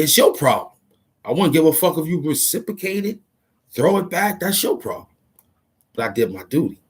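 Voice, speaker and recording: Swaggering profane New rapper. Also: male voice, husky. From Harlem, New York. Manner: swaggering, profane, swings from loud shouts to low mutters. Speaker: rapper and vlogger. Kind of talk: freestyle rap and street talk to camera. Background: loud music.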